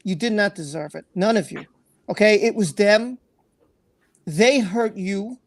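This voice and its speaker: A man's voice: sits high, a little slow, dry recording. A man hosting a livestream, reading out viewer comments and talking in an earnest, emotional way, repeating himself and swearing freely. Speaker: livestream host.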